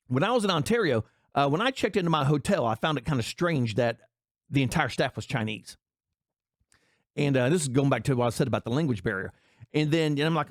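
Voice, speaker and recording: Angry ranting man, voice swinging high. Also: no echo, clean studio sound. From United States. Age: adult. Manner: angry, profane, rambling storyteller. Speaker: political commentary vlogger. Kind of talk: ranting commentary.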